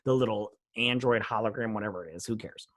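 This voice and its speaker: A man's voice: on the low side, fast, no echo. Dry-sounding man casually recapping a show. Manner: rambling, dismissive, paraphrases scenes with "he's all like". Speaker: show host. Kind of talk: casual episode recap and review.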